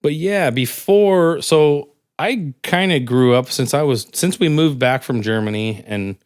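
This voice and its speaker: A man's voice: unhurried, clear, resonant tone. A young man from California, a podcast guest, telling a long joke and personal stories in casual chat, his voice leaping up when he quotes characters. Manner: animated, jumps high for quoted characters.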